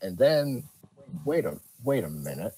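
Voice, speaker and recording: A man's voice: mid-range voice, big pitch swings, measured pace, dark tone, poor audio. A man playing a tabletop game, narrating what his character thinks and does. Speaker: player. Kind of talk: tabletop game chat on a live stream.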